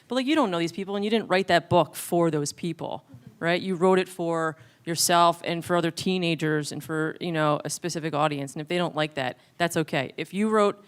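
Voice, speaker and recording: A woman's voice: fairly low pitch, a little fast, smooth. A woman on a comedy panel, talking animatedly and acting out exchanges. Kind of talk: panel discussion.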